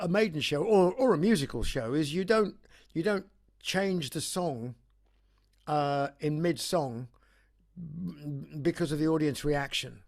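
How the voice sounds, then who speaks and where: An Englishman with a fairly high voice chats through his anecdotes with dry humor. He stumbles and restarts often as he tells them, then carries on. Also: darkish tone. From England. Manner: halting, full of restarts, wry storytelling. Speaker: rock singer interviewee. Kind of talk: casual anecdotal chat.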